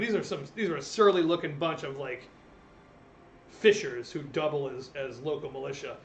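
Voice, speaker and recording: A man's voice: a little high, normal speed, echoey room, slight background noise. A young man narrating a tabletop game as game master, chatty and self-deprecating.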